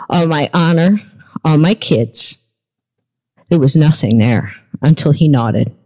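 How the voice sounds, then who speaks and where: A woman's voice: sits low, animated, takes it slowly, pauses often, warm tone. A woman guest on a podcast, telling a story in a casual interview and acting out the dialogue as she goes. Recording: dull lo-fi recording.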